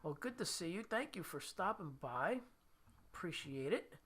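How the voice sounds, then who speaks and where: This guitarist's voice sits high and is a bit bright and husky, with big pitch swings at a normal speed. On his weekly livestream he chats casually, pokes fun at himself, laughs a lot and reads viewers' comments aloud.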